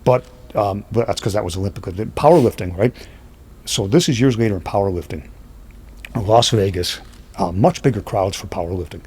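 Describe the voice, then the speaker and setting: A man who is a podcast guest, telling stories in a lively way and acting out what people said. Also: fairly low pitch, brisk, husky. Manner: lively, acts out quoted speech. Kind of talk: animated storytelling.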